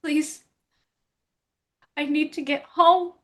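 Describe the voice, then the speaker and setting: A woman voicing a gravely wounded, frightened female deer with a hoarse, weak voice. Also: sits high, fairly even intonation, slow, pitched above the performer's own voice. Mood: pleading.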